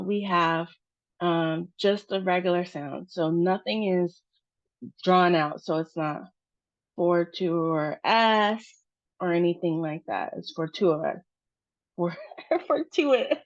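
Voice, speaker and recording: Slow, patient American woman teaching. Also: lowish voice, steady tone. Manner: patient, spells out stress and syllables slowly. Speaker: pronunciation teacher. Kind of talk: slow pronunciation lesson. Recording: dull, dry, lo-fi sound.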